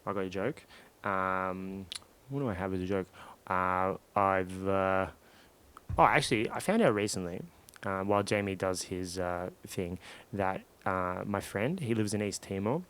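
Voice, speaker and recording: Animated man telling a story. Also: low-pitched, measured pace, clean tone. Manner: animated, acts out other people's lines in quotes. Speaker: comedy podcast co-host. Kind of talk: casual comedic storytelling.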